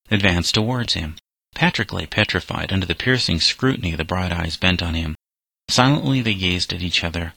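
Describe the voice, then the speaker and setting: A man reading a scripted story aloud in a measured, steady way. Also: sits low, gravelly, no echo, low-quality recording. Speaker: narrator.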